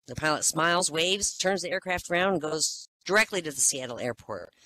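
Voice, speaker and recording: A man's voice: on the high side, expressive, brisk, bright, forceful tone, a little hiss or hum, low-quality recording. A man telling dirty jokes in a loose, casual storytelling way. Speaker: joke teller.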